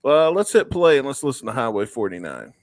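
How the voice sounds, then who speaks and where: A man's voice: mid-range voice, sing-song, fairly quick, background noise. A man co-hosting a podcast in casual chat, bantering and joking with profanity. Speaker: podcast co-host.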